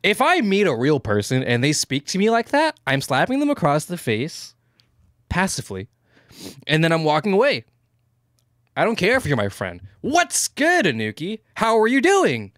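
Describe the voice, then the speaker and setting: A man co-hosting a podcast in casual chat, talking fast and stammering, animated and swearing freely. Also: fairly high pitch, no echo, studio quality. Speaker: podcast co-host.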